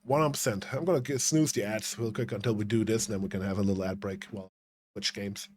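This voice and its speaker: A man's voice: fairly low pitch, steady tone, fast, darkish tone, slight background noise. A young man streaming a game, chatting casually with viewers, rambling and swearing freely. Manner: swearing, rambling, talking to chat. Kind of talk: casual livestream commentary.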